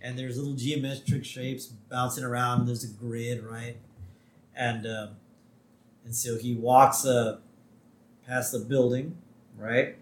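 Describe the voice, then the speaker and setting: A relaxed man co-hosts a casual podcast, retelling scenes and tagging his sentences with "right?". His voice sits at a middle pitch. The recording has a noticeably echoey room sound. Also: a little slow, pauses often. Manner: relaxed, laughs often, asks "right?". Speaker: podcast co-host. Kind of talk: casual chat, retelling an episode.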